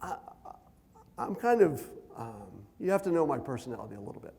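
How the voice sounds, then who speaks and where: A man giving a conference keynote speech, conversational with dry self-deprecating humor, deliberately speaking at a raised pitch. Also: big pitch swings, warm tone. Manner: loose, unhurried delivery with many fillers and asides.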